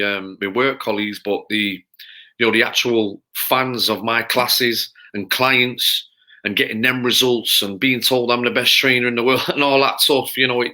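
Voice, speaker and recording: A man from Manchester talks as a podcast guest. His voice is very bright and sharp, and he rambles candidly, doubling back on words and acting out what others said to him. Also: mid-range voice. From Manchester, England. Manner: rambling, repeats words, acts out quotes. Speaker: podcast guest, personal trainer. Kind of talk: candid storytelling.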